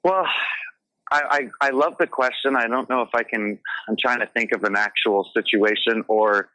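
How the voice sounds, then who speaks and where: A man speaks with a bright, forceful tone. He tells his stories earnestly and passionately. The recording is dry and close to the mic. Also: medium pitch, fairly even intonation, normal speed, no echo, low-quality recording. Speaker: guest, realtor. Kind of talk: casual interview talk.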